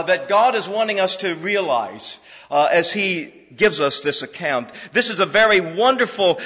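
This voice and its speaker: High-voiced preacher in a reverberant hall. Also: male voice, sharp tone, dull audio. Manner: earnest expository preaching with repetitions and restarts. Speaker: pastor. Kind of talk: sermon.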